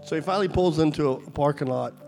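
A man's voice: fairly high pitch, fast talker, gravelly, darkish tone, soft background music. A man preaching a sermon at a church service, telling a story and then pleading fervently with his listeners.

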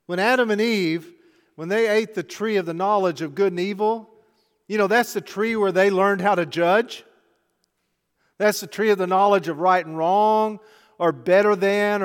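A man preaching in a church, his voice fairly high for a man. He questions the congregation directly and breaks the tension with small jokes. A long reverb trails behind every phrase. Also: clear, resonant tone. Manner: conversational preaching, rhetorical questions, light joking. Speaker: pastor. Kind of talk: sermon.

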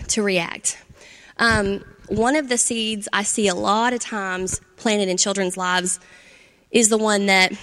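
A woman's voice: mid-range voice, a bit bright. Woman teaching parents in a reverberant hall. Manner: conversational, checks in with "right?" and "okay?". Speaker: parenting instructor. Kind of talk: instructional talk to adults.

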